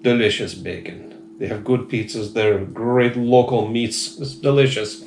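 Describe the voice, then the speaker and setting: A man's voice: medium pitch, measured pace, darkish tone. Chatty man reviewing beer, echoey room. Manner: joking, chatty, describes beer with relish. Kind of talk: casual beer review chat. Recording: echoey room with faint noise.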